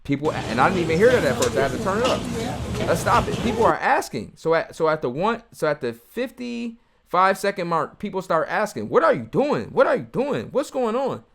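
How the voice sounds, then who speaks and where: A man with a high voice gives casual, heated commentary on a video, speaking fairly quickly over background noise. Animated and mocking, he talks straight to his viewers.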